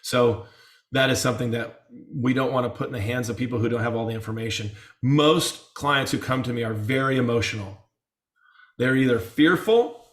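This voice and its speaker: Man, earnest business coach, casual talk, repeats himself, roomy echo, mid pitch. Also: normal speed, fairly bright tone. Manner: earnest, repetitive restarts. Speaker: dental practice coach.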